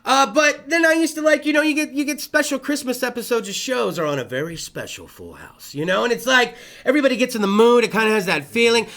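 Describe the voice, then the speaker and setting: A man hosting a casual late-night talk show, loud and profane, swinging between yelling and muttering. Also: extremely high pitch, expressive, fast talker, gravelly, hardly any pauses. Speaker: host.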